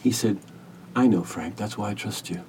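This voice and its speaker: A man who works as a hospice caregiver, telling a story as a podcast guest in an earnest, gentle, measured way. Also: lowish voice, far from the mic, slight background noise. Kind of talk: reflective storytelling interview.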